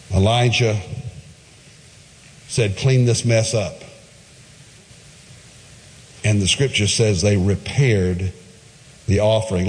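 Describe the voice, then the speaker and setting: A man's voice: lowish voice, a little mellow, big-room sound. Emphatic man preaching a sermon. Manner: emphatic storytelling, retelling a story with asides.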